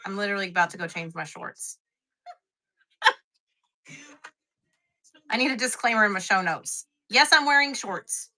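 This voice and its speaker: Selling quilting supplies on a live stream, this young woman is chatty and self-mocking, laughing a lot as she talks. Her medium-pitched voice is expressive and bright with a forceful edge, moving at a moderate pace with frequent pauses.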